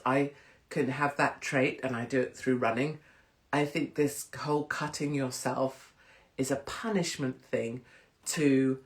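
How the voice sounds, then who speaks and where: A middle-aged woman chatting candidly to camera, blunt and rambling, swearing freely. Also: very deep voice. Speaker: vlogger.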